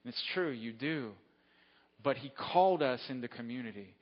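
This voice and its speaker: A man's voice: medium pitch, expressive, moderate pace. Man, preacher, conversational sermon, long reverb, muffled lo-fi recording. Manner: conversational, checks in with the audience. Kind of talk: sermon with storytelling. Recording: dull lo-fi sound with long hall reverb.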